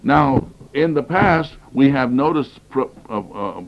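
A man of middle pitch delivers an emphatic lecture on Bible prophecy, hammering points home by repeating phrases. He is getting over the flu and coughs now and then. The sound is muffled and lo-fi, like an old cassette tape. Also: lively intonation, slow, gravelly. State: recovering from flu, occasional coughing.

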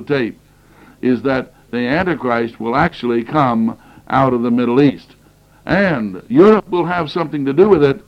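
A man of middle pitch delivers an emphatic lecture on Bible prophecy, hammering points home by repeating phrases. He is getting over the flu and coughs now and then. The sound is muffled and lo-fi, like an old cassette tape. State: recovering from flu, occasional coughing.

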